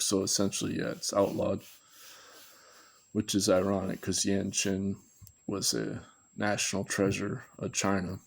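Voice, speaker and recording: Male commentator, monotone and unhurried, thinking aloud off the cuff. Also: fairly low pitch, creaky. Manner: meandering, self-correcting, thinking aloud. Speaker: video commentator. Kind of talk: rambling unscripted monologue.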